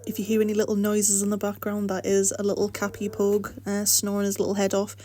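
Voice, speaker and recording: A woman's voice: medium pitch, completely flat delivery, brisk, dark tone. A woman hosting an art vlog, chatting casually and encouragingly while coming down with the flu, her voice starting to go, in her home art studio. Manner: rambling, encouraging. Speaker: art channel host. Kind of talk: casual voice-over chat.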